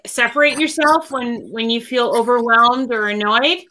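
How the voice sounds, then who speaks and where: Bright-voiced woman giving rambling advice. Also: fairly high pitch, steady tone, moderate pace, slight background noise, rough recording. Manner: earnest, rambling advice with many restarts. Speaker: co-host reading tarot cards. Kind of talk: casual livestream chat.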